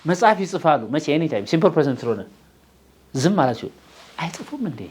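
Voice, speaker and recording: Fast high-voiced male teacher. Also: very animated, a little mellow, slightly rough. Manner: quizzing students, mixing English and Amharic. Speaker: English teacher. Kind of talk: classroom grammar lesson.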